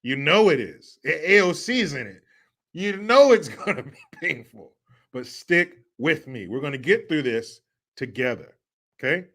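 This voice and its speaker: A man's voice: fairly high pitch, sing-song, a little slow, a bit bright. A man hosting a live stream commentary show, mocking and profane and laughing often. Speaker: host.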